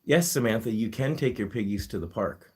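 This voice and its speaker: A man with a slightly low voice hosts a relaxed live chat. He reads viewer comments aloud and talks to his animals between answers. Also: brisk. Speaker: guinea pig rescuer hosting a live chat. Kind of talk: casual live-stream chat.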